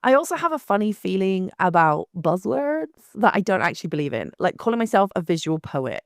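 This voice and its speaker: Woman ranting on her podcast, blunt and lively, dry close mic. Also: mid-range voice, fairly quick, no echo. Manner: blunt, animated, frequent restarts and laughs. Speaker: photographer hosting her own podcast. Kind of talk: casual monologue.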